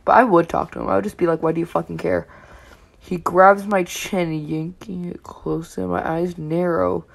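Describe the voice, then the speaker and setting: A woman's voice: on the low side, flat delivery, moderate pace, vocal fry. A young woman reading fan fiction aloud with blunt, swear-heavy running commentary. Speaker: reaction channel host.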